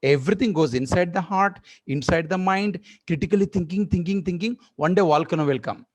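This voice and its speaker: A man giving an animated motivational talk to a club over a video call, often calling the audience "my dear friends" and acting out everyday scenes. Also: high-pitched, fairly quick, no echo. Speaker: guest speaker at a club event.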